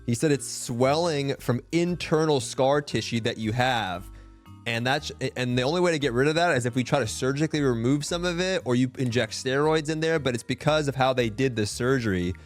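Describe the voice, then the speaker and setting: A man's voice: mid-range voice, brisk, faint music behind. Rambling, profane young man telling a story. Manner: profane, rambling, lots of filler words. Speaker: streamer. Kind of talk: casual storytelling.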